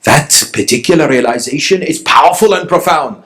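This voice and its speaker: Male preacher from Iran, high-pitched, storytelling sermon with acted-out dialogue and emphatic peaks. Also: lively intonation, brisk, fairly bright tone.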